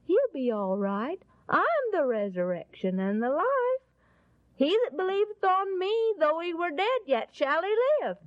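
A woman voicing a calm, gentle Jesus. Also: sits high, measured pace, no room sound, voice pushed up. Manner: calm and reassuring. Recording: dull lo-fi recording.

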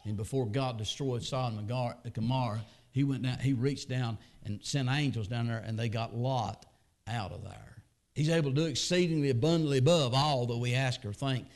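Male preacher, sermon delivery, folksy and fervent, pushes up high and loud on emphasis. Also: normal speed. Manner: repeats phrases for emphasis, plain folksy asides. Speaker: pastor. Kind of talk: sermon, scripture reading with commentary.

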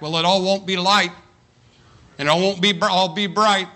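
A man preaching a sermon. He reads a poem dramatically, slowing down and rising for emphasis, and stumbles and repeats words when he talks loosely. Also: high voice, fairly even intonation, bright, forceful tone. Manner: dramatic poetry reading, slows and rises for emphasis.

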